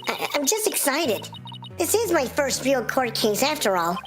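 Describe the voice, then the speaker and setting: A man's voice: very high voice, very animated, moderate pace, music in the background, pitched above the performer's own voice. A man voicing an eager, flustered young woman lawyer in a live game dub. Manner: jumpy, flustered.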